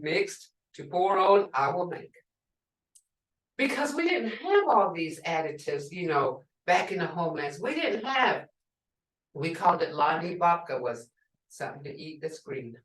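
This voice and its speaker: Older woman teacher, slow and patient, distant from the mic in a roomy space. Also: fairly low pitch, fairly bright tone. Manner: patient, explains word by word with examples. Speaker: language teacher. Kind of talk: classroom language lesson.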